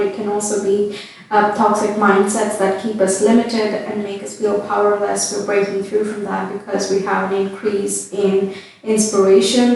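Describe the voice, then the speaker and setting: Lady doing a tarot reading, slow and easy, super echoey room. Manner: calm, unhurried, with gentle fillers. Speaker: tarot reader. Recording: very echoey room, mic at a distance, faint rumble.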